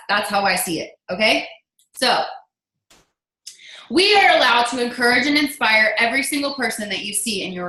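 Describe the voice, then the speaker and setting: A woman's voice: a little high, bright, forceful tone, roomy sound, low-quality recording. A woman in her thirties, a team leader giving an emphatic, preachy motivational talk on a video call.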